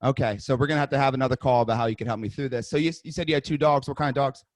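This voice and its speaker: A man's voice: mid-range voice, no room sound, studio quality. A man on a video call coaching real estate agents and role-playing a sales call, upbeat and conversational. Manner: upbeat, conversational, rapid restarts.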